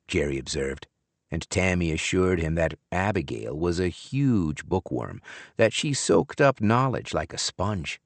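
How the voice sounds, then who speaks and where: A man narrates a first-person audiobook in a low, lively voice. He tells the story in a measured, expressive way. The booth sound is dry and close. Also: no echo.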